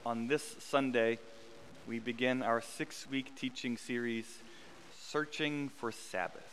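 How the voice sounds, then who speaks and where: A man's voice: medium pitch, fairly bright tone, long reverb tail, slight background noise. A man in his thirties preaching a sermon, in a conversational tone with self-deprecating humor, repeating phrases for emphasis. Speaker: pastor. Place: church sanctuary.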